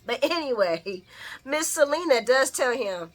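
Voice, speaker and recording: A woman's voice: high-pitched, animated, unhurried. A woman giving a casual recap of a soap episode, chatty and slangy, laughing often. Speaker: soap opera recap vlogger.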